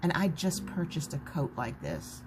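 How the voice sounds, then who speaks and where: Lady chatting to her viewers, low voice, noisy background. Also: sing-song, moderate pace. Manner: chatty, warm-hearted, talks to viewers as "y'all". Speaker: journaling vlogger. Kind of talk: casual chat. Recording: noticeable background noise.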